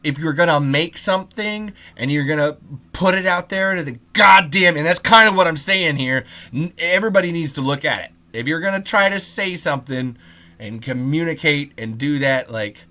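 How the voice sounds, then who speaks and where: A man's voice: a little high, normal speed, pushed and bright. A man hosting a podcast alone, ranting loosely with frequent ums, restarts and swearing. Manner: rambling, profane, lots of ums and restarts. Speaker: podcast host. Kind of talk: solo podcast rant.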